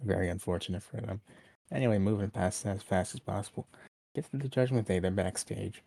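A man's voice: lowish voice, a little fast, gravelly, mellow, dry recording, clean studio sound. A man co-hosting a wrestling review podcast in casual chat, wry and sarcastic, acting out what people said. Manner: wry, sarcastic, acts out quotes. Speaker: podcast co-host.

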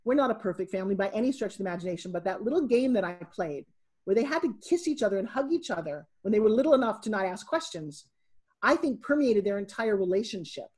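Husky, animated middle-aged woman. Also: medium pitch, fast talker. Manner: animated storyteller, acting out quotes. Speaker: podcast guest, entrepreneur. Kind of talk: casual interview.

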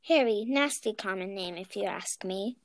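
A woman voicing a stiff, sharp-tongued housewife in a storybook reading, answering curtly. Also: mid-range voice, normal speed, lightly acted. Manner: curt, clipped.

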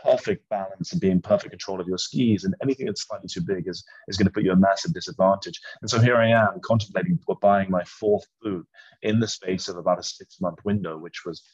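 A man who is a guest ski racer, explaining his sport in a measured way during an interview. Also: deep voice, darkish tone, breathy edge. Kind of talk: casual interview. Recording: dry, slightly dull sound.

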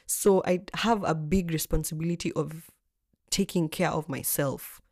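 Animated young woman telling a story. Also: low voice, normal speed, dry recording, studio quality. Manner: animated, expressive, swears freely. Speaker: vlogger. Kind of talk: storytelling chat.

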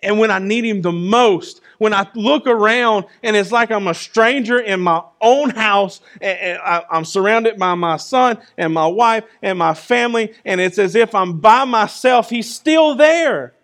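A man preaching a sermon in a conversational way, often asking "right?" and moving between loud and soft. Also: high voice, moderate pace, hardly any pauses. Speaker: pastor.

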